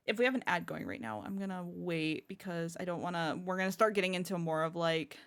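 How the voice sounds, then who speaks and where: A woman's voice: lowish voice, lively intonation, brisk, fairly bright tone. A woman streamer chatting casually to her viewers, bubbly and rambling, often breaking into giggles. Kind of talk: casual live-stream chat.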